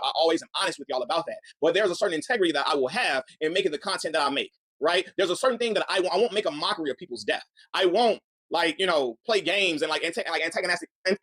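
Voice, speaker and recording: Fast-talking man, heated commentary. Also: fairly high pitch, a bit bright, no echo. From Chicago. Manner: heated, earnest, repeats words as he builds a point. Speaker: commentary channel host. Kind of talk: reaction commentary.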